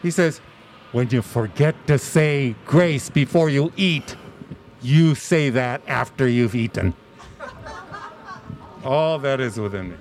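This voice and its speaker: A man's voice: medium pitch, slow, pauses often, darkish tone, slight background noise. A chatty man joking with a congregation and calling the children up. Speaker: church member leading kids. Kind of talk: casual church talk.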